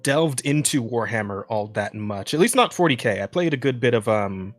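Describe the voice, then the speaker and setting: A man's voice: mid-range voice, animated, moderate pace, soft background music. A man hosting a casual podcast chat who rambles with many fillers, swears and laughs often. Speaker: podcast host.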